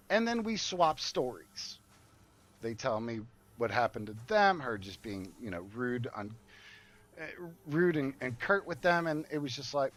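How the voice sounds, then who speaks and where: A man's voice: mid-range voice, normal speed. A man telling a story in a casual way while gaming. He swears a lot and acts out the people in his story. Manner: animated, profane, acts out quoted dialogue.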